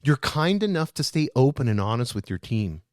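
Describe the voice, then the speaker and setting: A man hosting a leadership show, speaking straight to his listeners in a lively, animated way. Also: mid-range voice, moderate pace, no room sound, studio quality. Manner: animated, addresses listeners as "guys". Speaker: podcast host.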